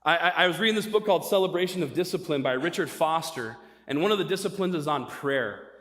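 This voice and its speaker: A middle-aged male preacher with a high, bright voice, delivering a lively sermon full of stories and rhetorical questions. His voice carries through a church with a long, rolling reverb. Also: fast talker. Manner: animated storyteller, rhetorical questions.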